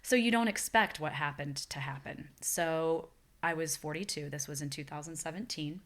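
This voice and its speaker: A woman in her forties, a guest on a podcast interview, shares a personal story in an earnest, reflective way. Her voice is deep and a bit bright, at normal speed.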